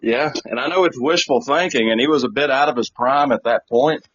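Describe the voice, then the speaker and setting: A man co-hosts a wrestling podcast, joking and opinionated as he hands out ratings. His voice is medium in pitch. The sound is dry and dull, like a cheap home mic. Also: fairly quick, a bit bright, breathy edge, no echo. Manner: joking, opinionated, laughs at own hot takes. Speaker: podcast co-host. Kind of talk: casual wrestling chat.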